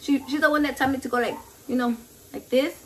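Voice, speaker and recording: A woman's voice: high voice, steady tone, quick pace, a little mellow. A Mexican-American woman in her thirties who mixes in Spanish, chatting and rambling in a foul-mouthed way while she cooks in her home kitchen. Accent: Mexican-American, mixing in Spanish. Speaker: cooking vlogger. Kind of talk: casual cooking vlog chat. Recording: slightly distant mic, faint background noise.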